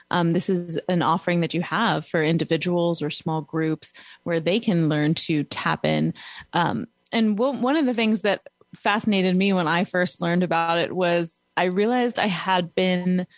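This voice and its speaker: A woman's voice: fairly low pitch, no echo. Laughing New York woman hosting. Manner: warm, affirming, laughs often. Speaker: podcast host. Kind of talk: casual interview.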